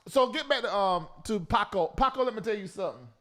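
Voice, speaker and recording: High, lively male talk-show host. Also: quick pace. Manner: animated, loud and mocking, with preacher-like mimicry. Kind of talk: casual commentary.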